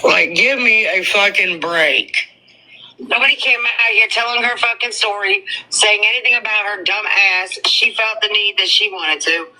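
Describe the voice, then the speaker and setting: A woman's voice: medium pitch, moderate pace, sharp tone, rough recording. A woman on a livestream, angry and blunt, cussing freely. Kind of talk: casual livestream chat.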